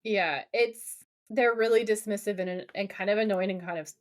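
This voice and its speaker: A woman co-hosting a podcast in casual chat, animated and often laughing as she retells scenes. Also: medium pitch, moderate pace. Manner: animated, laughing while reading lines aloud. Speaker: podcast co-host.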